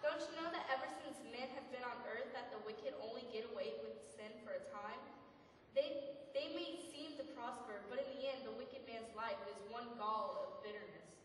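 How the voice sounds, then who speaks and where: Female actor as a lecturing, self-righteous friend; high pitch, distant, long reverb. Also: moderate pace, slight background noise, close to an everyday voice. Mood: scolding. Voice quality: scolding, lecturing. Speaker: actor in church skit. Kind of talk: amateur stage acting. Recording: echoey hall, far from mic.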